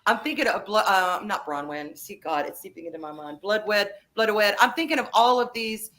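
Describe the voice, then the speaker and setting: A woman hosting a casual podcast chat, talking in an animated, emphatic way and swearing freely. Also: mid-range voice, normal speed. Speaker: podcast host.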